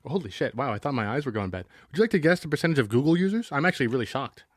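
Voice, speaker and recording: A man co-hosting a podcast in casual comedic chat, joking with a deadpan delivery and calling his friend bro. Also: medium pitch, rapid-fire, no room sound, studio quality. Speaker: podcast co-host.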